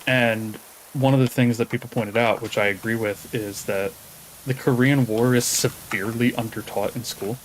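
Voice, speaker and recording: A man streaming a game, chatting in a relaxed, rambling way and swearing casually. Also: medium pitch, moderate pace, slight background noise, rough recording. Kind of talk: casual chat while gaming.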